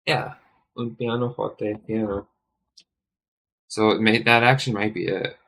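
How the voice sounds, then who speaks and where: Low-voiced man muttering through study. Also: fairly even intonation, measured pace. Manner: hesitant, self-questioning, trails off quietly. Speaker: streamer studying Italian. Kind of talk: thinking aloud while studying.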